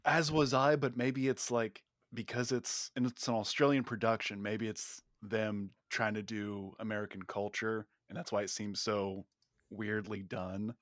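A man with a fairly low voice thinks aloud in a casual podcast chat. He hedges and stays tentative as he works through his ideas. The sound is dry and close. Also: level tone, unhurried, a bit bright, no room sound. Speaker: podcast panelist.

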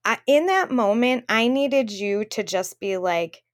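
A woman's voice: fairly high pitch, lively intonation, moderate pace. A woman co-hosting a podcast, telling a personal story in an open, emotional way. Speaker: podcast co-host. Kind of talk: casual chat.

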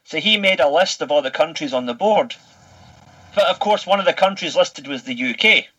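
A Scottish man in his thirties talking on a casual podcast, his voice pitched a little high and very bright. He tells his stories in an animated, chatty way and swears without a second thought. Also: moderate pace, breathy edge, low-quality recording. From Scotland. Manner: animated storytelling, swears freely. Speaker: podcast guest.

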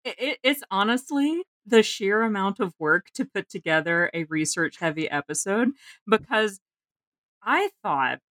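A woman's voice: medium pitch, lively intonation, a little slow, fairly bright tone, no room sound. A woman co-hosting a podcast in casual chat, dry-humored and thoughtful. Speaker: podcast co-host.

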